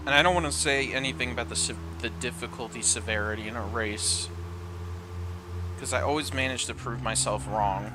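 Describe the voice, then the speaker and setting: A man's voice: medium pitch, moderate pace, background noise. A man casually commenting while playing a racing game, rambling through asides. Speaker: gameplay commentator. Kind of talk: casual let's-play commentary. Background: car engine sounds from the game.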